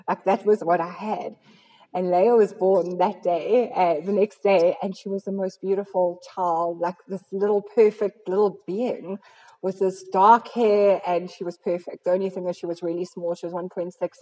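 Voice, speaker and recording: A woman's voice: fairly low pitch, dark tone. A South African woman giving an earnest, rambling personal testimony to a recovery fellowship, with many fillers. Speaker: recovery fellowship member sharing. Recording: long hall reverb.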